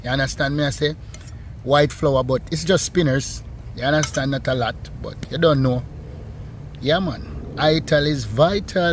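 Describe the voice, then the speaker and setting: A young man with a Jamaican accent bantering playfully with his mother while she cooks, giving shout-outs to viewers. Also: fairly high pitch, normal speed, a little hiss or hum. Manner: playful, joking, shouts out to fans. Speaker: co-host, son of the cook. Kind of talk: casual cooking vlog banter.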